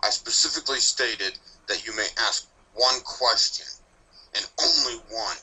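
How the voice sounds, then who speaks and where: A man's voice: mid-range voice, unhurried, bright, forceful tone, breathy edge, exaggerated voice, poor audio. A man voicing a grumpy, ancient male Grim Reaper pony, speaking bluntly with dry sarcasm in a fan story reading. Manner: blunt, snappish, dryly sardonic.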